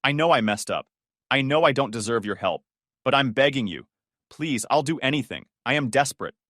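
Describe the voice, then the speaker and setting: Pleading young woman in debt, a male narrator reading her, lively up-and-down delivery, dry close sound. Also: medium pitch, a little fast, dry recording. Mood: desperate. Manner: pleading, tearful.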